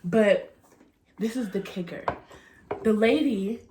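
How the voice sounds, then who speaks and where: A woman's voice: medium pitch, slow pace, a crowd in the background. A young adult woman chatting casually in a storytime vlog, retelling events dramatically with gasps and laughter. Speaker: vlogger telling a story.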